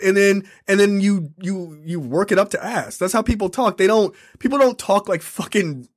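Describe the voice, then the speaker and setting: A man's voice: high-pitched, expressive, brisk, few pauses. A man co-hosting a casual film review podcast, blunt and profane, laughing at the script. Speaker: podcast co-host.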